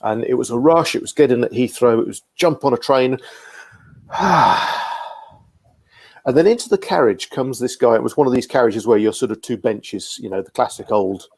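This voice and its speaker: A man's voice: mid-range voice, brisk, few pauses, a little mellow, no echo. Chatty rambling male host. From Guernsey. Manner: chatty, rambling storyteller with self-deprecating asides. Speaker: podcast host. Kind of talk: casual video call chat.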